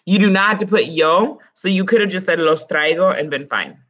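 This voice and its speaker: A woman's voice: fairly low pitch, a little fast, a bit bright. A woman teaching Spanish grammar in an online class, explaining it step by step in a casual way.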